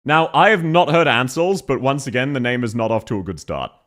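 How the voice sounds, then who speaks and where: A man's voice: mid-range voice, expressive, fairly quick, a bit bright. An Australian man chatting on a livestream, laughing often and greeting viewers by name. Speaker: streamer. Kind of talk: livestream commentary.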